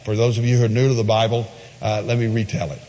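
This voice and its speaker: A man's voice: lowish voice, little pitch movement, fast talker, mellow, in a large hall, slight background noise. A man preaching a sermon, retelling a story emphatically with asides to the listeners.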